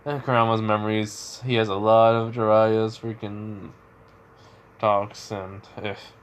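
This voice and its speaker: A man's voice: on the low side, flat delivery, slow, slight background noise. A man casually retelling a story, rambling with lots of fillers and restarts.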